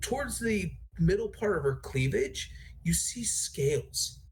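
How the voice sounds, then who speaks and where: A man's voice: high-pitched, very animated, unhurried, a little hiss or hum. Male game master, rambling, restarts sentences mid-thought while narrating scenes. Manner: rambling, self-correcting narration.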